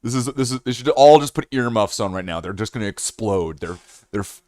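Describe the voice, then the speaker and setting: A man's voice: fairly low pitch, lively intonation, a little fast, a little mellow, no echo, clean studio sound. A man from Canada hosting a casual livestream, rambling and joking with chat while he paints miniatures. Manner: rambling, jokey, talks to chat. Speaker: streamer.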